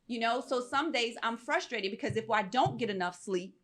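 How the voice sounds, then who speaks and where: A woman's voice: on the high side, moderate pace, fairly bright tone. A woman with a slightly raised voice co-hosts a live panel, talking candidly about her own struggles. She speaks with emphasis and keeps checking in with her listeners. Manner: open, emphatic, asks "right?" often. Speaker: podcast co-host.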